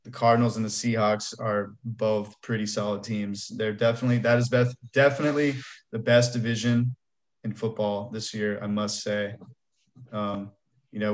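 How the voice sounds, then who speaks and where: A man hosting a casual sports podcast, loose and profane as he introduces the segments. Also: fairly low pitch. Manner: loose, swears freely, announces segments. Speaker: podcast host.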